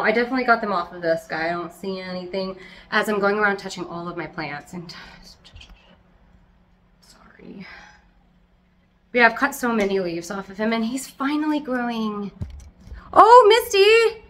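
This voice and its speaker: A young adult woman casually chatting through a tour of her houseplants at home, rambling and self-deprecating, talking loudly. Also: medium pitch, a little fast. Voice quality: loud, yelling from audio trouble. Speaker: plant collector vlogger. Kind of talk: casual plant tour chat.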